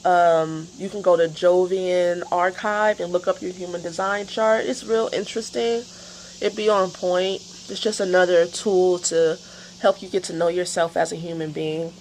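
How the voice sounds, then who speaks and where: Chatty woman with a gravelly low voice. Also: fairly even intonation, moderate pace, a little mellow, slight background noise, poor audio. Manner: rambling, chatty, many fillers. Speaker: tarot reader. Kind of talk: casual astrology and tarot vlog.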